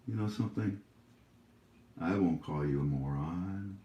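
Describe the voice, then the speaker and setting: A man's voice: low-pitched, moderate pace, long pauses, dark tone, reverberant, low-quality recording. A man hosting his own YouTube channel, talking casually to viewers from home in a scolding, preachy way, rambling with many fillers.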